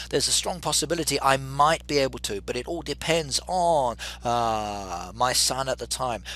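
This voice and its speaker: A man's voice: mid-range voice, sharp tone. A man in his thirties, chatting casually on a live game stream, reading viewer comments aloud and joking with them. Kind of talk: live-stream chat while playing.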